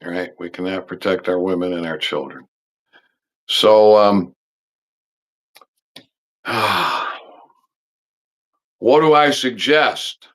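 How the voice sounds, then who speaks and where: A low-pitched, slightly bright male voice hosts a live stream in a rambling, halting monologue. He pauses and restarts a lot, speaks bluntly, and swears now and then.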